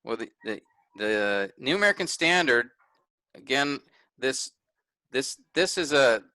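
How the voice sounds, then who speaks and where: Male workshop teacher, clear bright tone, dry close sound, methodical explainer. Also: mid-range voice, animated, a little slow, dry recording. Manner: pointing things out step by step, self-correcting. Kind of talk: explaining a text on screen.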